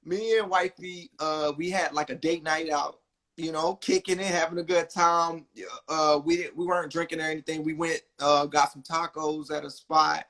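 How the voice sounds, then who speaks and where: Young guy on a podcast telling a story, bright voice, kinda high, real animated. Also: moderate pace. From New Jersey. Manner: animated, acts out quotes with big pitch jumps. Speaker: podcast host. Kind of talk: casual storytelling.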